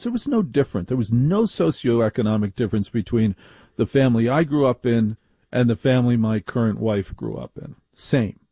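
Middle-aged male talk radio host, gravelly and husky, emphatic mock-outrage storyteller, close dry studio sound. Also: mid-range voice, warm tone, no room sound. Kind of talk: call-in radio monologue.

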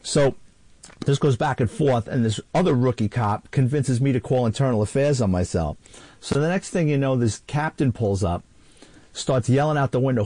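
A man who served as a police officer, telling an animated anecdote and acting out voices in the quotes. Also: medium pitch, moderate pace, dry recording. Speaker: retired police officer and author. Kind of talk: storytelling anecdote.

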